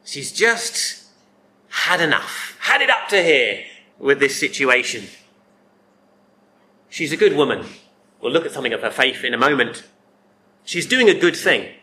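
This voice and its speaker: A man's voice: medium pitch, bright, forceful tone, slight background noise. A man preaching a sermon in a conversational way, often turning statements into tag questions for his listeners.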